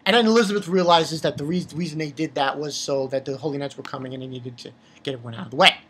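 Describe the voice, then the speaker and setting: A woman's voice: sits low, fast talker, slightly rough. A woman reviewing manga chapters in a casual, profane, exasperated rant. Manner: exasperated, profane, heated outbursts.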